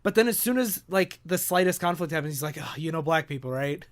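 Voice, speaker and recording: A man's voice: a little high, lively intonation, quick pace. A man on a comic book podcast casually giving thoughtful analysis of the story. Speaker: podcast co-host.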